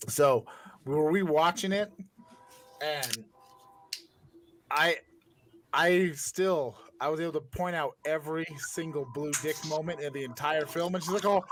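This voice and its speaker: A man hosting a casual comedy podcast who talks in animated, joking bursts. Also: a little high, unhurried, pauses often, slight background noise. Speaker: podcast host.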